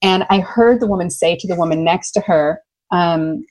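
A middle-aged American woman, a love coach, talking enthusiastically in an interview and telling lively stories with easy laughter. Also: on the low side, normal speed. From United States. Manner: enthusiastic, animated, laughs easily. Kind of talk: conversational interview storytelling.

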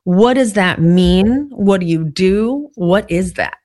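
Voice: medium pitch, animated, slow, darkish tone, dry recording. Podcast host with a mid-range voice who asks thoughtful follow-ups, recorded dry. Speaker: podcast interviewer. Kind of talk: conversational interview.

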